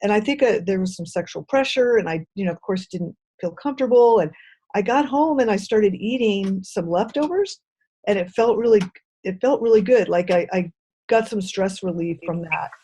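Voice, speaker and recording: A middle-aged woman tells her own story as a guest on an interview show. Her voice is mellow and warm, and she speaks softly and thoughtfully, pausing on "um" as she gathers her memories. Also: medium pitch, expressive, husky. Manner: soft-spoken, reflective, hesitant with "um" and "uh".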